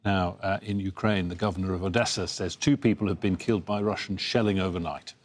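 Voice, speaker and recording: A man presenting the news from the studio, reading headlines in a measured, clear way. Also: low voice, steady tone, slight background noise. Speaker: news anchor.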